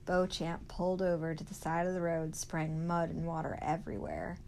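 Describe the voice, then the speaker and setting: A woman, a teacher, reading a novel aloud to her class in a steady storytelling manner. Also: lowish voice, normal speed, gravelly, low-quality recording.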